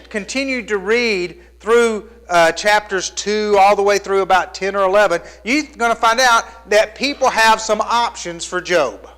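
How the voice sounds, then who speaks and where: A man preaching a sermon, storytelling and moving between hushed and emphatic lines. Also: high voice. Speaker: pastor.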